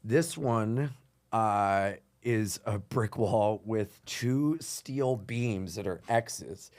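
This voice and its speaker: Man, comedian, casual podcast chat, animated storytelling, swears a lot. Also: on the low side, very slow, dry recording. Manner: animated, swears, voice rises when excited. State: out of breath when retelling.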